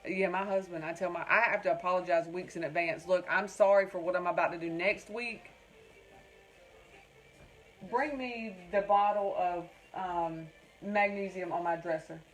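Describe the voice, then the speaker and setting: A crafting livestream host from North Carolina with a Southern accent rambles chattily from home, reading viewers' comments aloud and repeatedly calling them "y'all." Her low voice has fairly even intonation at a moderate pace, over faint music in a rough recording.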